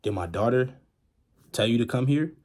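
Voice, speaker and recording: A young man voicing a stern, threatening middle-aged father who speaks bluntly and calmly, with a husky voice. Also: medium pitch, normal speed, lightly acted. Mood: menacing. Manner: calm, menacing, blunt.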